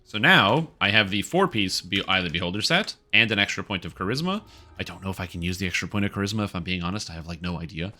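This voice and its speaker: A male game streamer who rambles through his thoughts with plenty of fillers as he plays. His voice sits low but sounds very bright and forceful. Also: animated, quick pace. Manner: chatty, rambling with many fillers. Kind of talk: casual gaming commentary.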